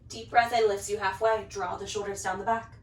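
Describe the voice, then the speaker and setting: A woman instructor gently cueing poses in time with the breath during a guided yoga class, slightly out of breath as she moves along. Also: mid-range voice, brisk. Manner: calm, gentle cues paced to the breath. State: a little out of breath while practicing along. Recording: roomy, picked up from a distance.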